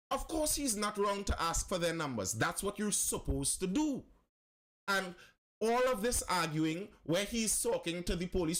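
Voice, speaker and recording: A man's voice: high voice, a bit bright. A man hosting a live-stream commentary. He talks with passion, repeats phrases for emphasis and answers viewers' comments as he goes.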